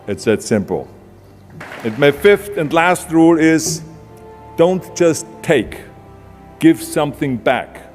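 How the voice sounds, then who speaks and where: A man with an Austrian accent giving a blunt, punchy motivational speech. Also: mid-range voice. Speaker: motivational speaker. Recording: long hall reverb with music beneath. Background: background music.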